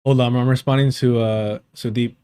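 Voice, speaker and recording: A man's voice: mid-range voice, fairly even intonation, normal speed, dark tone, clean tone. A man hosting a livestream in casual chat, rambling and chuckling often as he talks. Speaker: livestream host.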